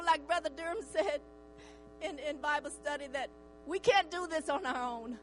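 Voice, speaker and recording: A woman's voice: high voice, normal speed, soft background music, rough recording. An older woman giving an emotional church testimony, fervent and tearful, often breaking into cries of praise.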